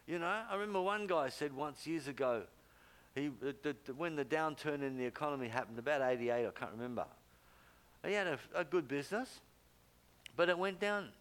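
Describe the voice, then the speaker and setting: A man's voice: animated, a little fast. Emphatic male preacher. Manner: emphatic, swings between loud exclamations and low quiet asides. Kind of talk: sermon.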